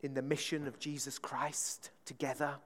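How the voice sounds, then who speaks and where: A man preaching a conversational sermon, often checking in with the congregation with a quick "right?". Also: medium pitch, flat delivery, fairly bright tone, in a large hall.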